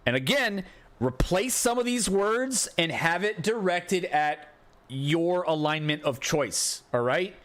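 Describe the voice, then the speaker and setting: Male streamer, casual rant, animated intonation, asks rhetorical questions. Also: sits high, takes it slowly. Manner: frustrated ranting, rhetorical questions, swearing. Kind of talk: casual live-stream commentary.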